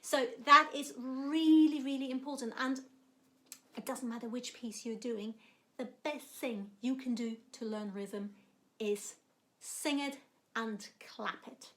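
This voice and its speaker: A woman cello teacher explaining technique in a music lesson, with warm, encouraging explanations. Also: a little high, takes it slowly.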